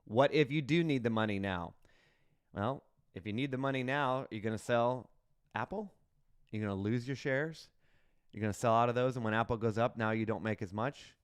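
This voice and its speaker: A man hosting his own finance channel, walking through an investment plan in a casual, animated way, often checking in with "right?" and joking at his own expense. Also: mid-range voice, moderate pace, clean tone, no echo, clean studio sound. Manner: animated, asks "right?" often, jokes at himself.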